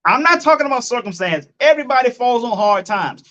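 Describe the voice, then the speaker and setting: A man's voice: extremely high pitch, animated, brisk, bright, forceful tone. A man giving blunt, profane relationship commentary, repeating his points and calling his listeners folks and family.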